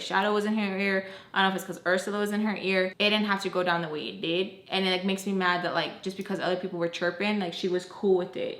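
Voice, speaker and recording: A young woman telling a personal story to her viewers in a chatty, animated way, full of fillers and acted-out quotes. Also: medium pitch, reverberant. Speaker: storytime vlogger. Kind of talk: casual storytelling.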